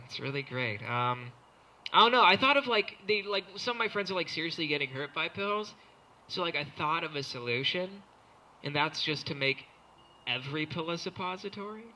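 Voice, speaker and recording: A man's voice: a little high, pushed and bright, a little hiss or hum. Young man rambling through a stand-up set. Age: young adult. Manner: rambling, self-mocking, jumps into silly character voices. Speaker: stand-up comedian. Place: small comedy show before a live crowd.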